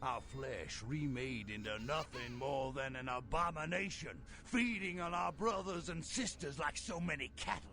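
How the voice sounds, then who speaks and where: An actor with a Southern US accent playing a sick, coughing male vampire cult bishop in a video game, preaching in a slow sermon cadence. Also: fairly high pitch, bright, forceful tone, slight background noise. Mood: ranting.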